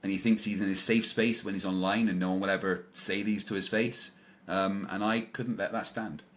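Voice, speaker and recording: A man with a low, deep voice tells a story as a podcast guest. He replays each exchange line by line, quoting both sides, and fills the gaps with ums, uhs and false starts. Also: fairly even intonation, normal speed. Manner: retells encounters with quoted dialogue, many fillers and restarts. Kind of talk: casual storytelling in an interview.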